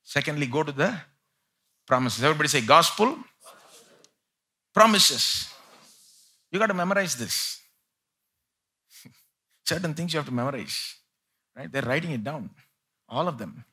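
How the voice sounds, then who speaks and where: A male pastor preaching a live church sermon, swinging between loud pleading and quiet asides. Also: medium pitch, lively intonation, moderate pace, long pauses, husky. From India.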